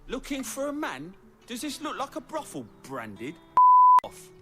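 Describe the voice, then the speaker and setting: A woman voicing a sharp-tongued, scornful tough woman in a video game. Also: on the high side, wildly swooping pitch, unhurried, over loud music. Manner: scornful, cutting.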